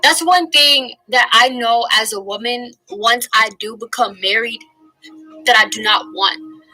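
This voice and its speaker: A woman teaching from the Bible in a casual, earnest way, slowly stressing key phrases. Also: on the high side, sharp tone, soft background music, low-quality recording. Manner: earnest, conversational, drawn-out emphasis on key phrases.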